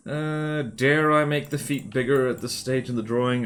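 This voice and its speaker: A man's voice: medium pitch, steady tone, moderate pace, a bit bright, slight background noise. A man streaming while drawing, chatting casually, muttering to himself and joking with viewers. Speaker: art streamer.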